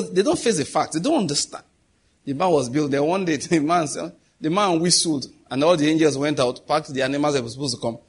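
A man's voice: a little high, breathy edge. A middle-aged man preaching a sermon in an emphatic, conversational way, firing off rhetorical questions.

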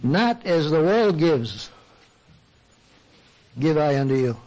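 An older man delivers a sermon in a conversational way, with a fairly high-pitched voice. He keeps asking rhetorical questions and voices his listeners' complaints back at them. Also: very animated, takes it slowly, a little mellow, rough recording. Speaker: Christian speaker and counselor. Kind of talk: sermon talk.

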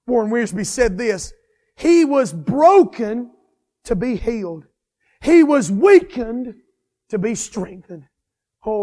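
A man preaching a sermon with fervent, repetitive cadences that swell into shouts. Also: very high-pitched, long reverb tail.

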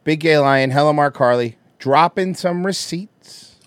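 Casting note opinionated male podcast host, somewhat high voice, dry close sound. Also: measured pace, no room sound. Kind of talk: casual commentary chat.

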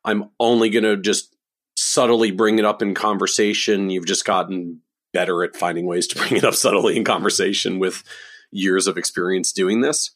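A man hosting an interview, relaxed and asking long follow-up questions. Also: deep voice, moderate pace. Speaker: podcast host. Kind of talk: conversational interviewing.

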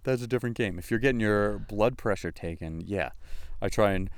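A man's voice: on the low side, a little fast, smooth, no echo. A man co-hosting a casual podcast chat, telling stories and landing dry jokes. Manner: joking, tells stories with dry punchlines. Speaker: co-host.

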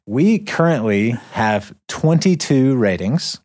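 Speaking slowly at a medium pitch, a young man based in the North Caucasus co-hosts a podcast. His casual talk is relaxed and rambling, full of fillers and restarts.

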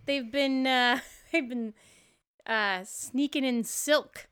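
A woman's voice: sits high, slow, fairly bright tone, clear, resonant tone. A woman hosting a tabletop role-play podcast as game master, chatty and laughing often as she narrates the scene.

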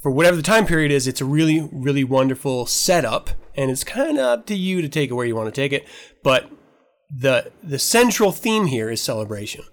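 A man's voice: medium pitch, big pitch swings, brisk. A man hosting his own podcast, talking candidly and with a lot of profanity, emotional as he relives a painful moment. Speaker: podcast host. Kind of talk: casual podcast monologue.

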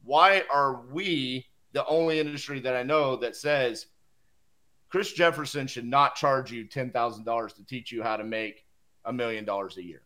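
A man's voice: medium pitch, moderate pace, sharp tone. A man on a debate panel making an emphatic, argumentative case. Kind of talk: casual debate talk.

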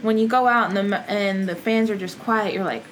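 A woman's voice: mid-range voice, brisk, slight background noise, poor audio. Chatty woman telling wrestling stories. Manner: animated, laughs often, lots of "like". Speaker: professional wrestler guest. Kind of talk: casual storytelling interview.

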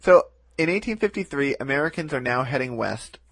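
A man's voice: medium pitch, fairly quick, dry recording, low-quality recording. A man co-hosting a comedy history podcast, telling the story in casual chat and often breaking into laughter. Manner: animated storyteller, breaks into laughter, playful silly voices.

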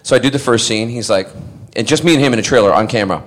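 A middle-aged man born in Scotland telling a convention anecdote, animated and acting out the other people's voices, laughing often. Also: mid-range voice, very fast. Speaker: actor telling convention stories. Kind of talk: casual convention panel anecdote.

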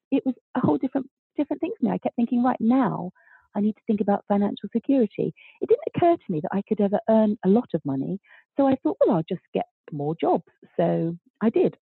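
A woman of fifty, a guest author telling her story in an interview, bubbly and animated, acting out the voices of people she quotes. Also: medium pitch, fast, gravelly, breathy edge, dry recording. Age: 50s. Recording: thin phone-like line, dry.

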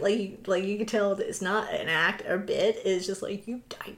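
A woman's voice: medium pitch, moderate pace, few pauses. A woman co-hosting a podcast, chatting casually, laughing often and acting out quotes. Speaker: podcast co-host. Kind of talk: casual chat.

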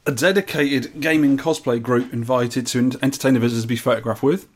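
A man co-hosting a podcast, talking in a rambling, jokey way. His voice sits at an ordinary middle pitch. He mixes loose chat with reading out news items. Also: fast talker. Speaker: podcast co-host.

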